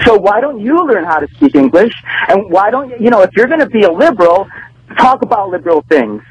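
A man calls in to a radio show and argues heatedly, often stammering and restarting. His voice is high and husky. His pitch jumps around a lot. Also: lively intonation, fairly quick, lo-fi sound. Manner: agitated, stammering, argumentative. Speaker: radio caller. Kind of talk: heated call-in argument.

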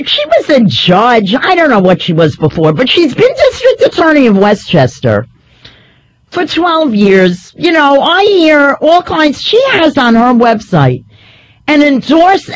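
A woman's voice: on the high side, rough recording. Sarcastic New woman on talk radio. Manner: sarcastic, rambling, opinionated. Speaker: radio talk show host. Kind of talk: political talk radio monologue.

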